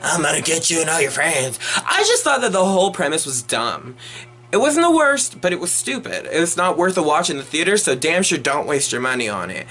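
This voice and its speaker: A young man rants through a movie review in a high, bright, sharp-edged voice. He is exasperated and profane, rambling along with restarts and swearing as he goes. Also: very animated, brisk. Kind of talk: unedited ranting review.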